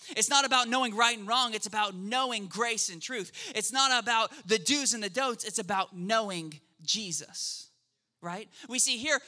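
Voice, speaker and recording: A man preaching a sermon in a conversational way, checking in with the crowd and acting out quoted voices. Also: high-pitched. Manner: acts out quoted voices in a lively way. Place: church service.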